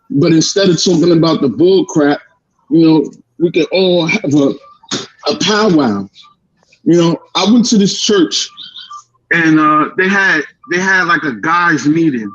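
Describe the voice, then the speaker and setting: Husky man on a dull lo-fi line. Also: on the high side. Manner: heartfelt, conversational, many fillers. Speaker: co-host. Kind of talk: casual talk-show chat.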